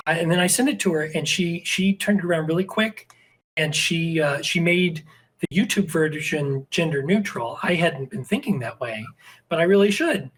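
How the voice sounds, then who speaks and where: A man's voice: on the high side, normal speed, a bit bright, breathy edge, rough recording. A man talking as a podcast guest in a casual, rambling chat with many restarts and fillers. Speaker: podcast guest, script writer.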